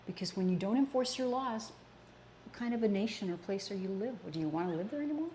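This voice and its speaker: A woman's voice: medium pitch, animated, fast, dark tone, a little hiss or hum. An older woman co-hosting a casual political talk show, speaking earnestly and repeating points for emphasis. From American Southwest. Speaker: co-host.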